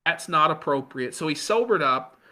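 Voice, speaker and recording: A man's voice: a little high, lively intonation, normal speed, pushed and bright. A man co-hosting a podcast, casually reading posts aloud and mocking them with frequent swearing. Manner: sarcastic, mocking, swears often. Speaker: podcast co-host.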